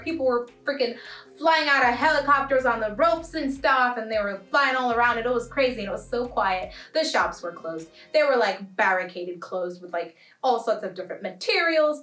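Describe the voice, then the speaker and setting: Animated young woman vlogging in an echoey room. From Malawi. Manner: animated, playful, with sudden high squeals and quiet asides. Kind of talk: comic monologue to camera. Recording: echoey room, voice a bit far from mic, light music.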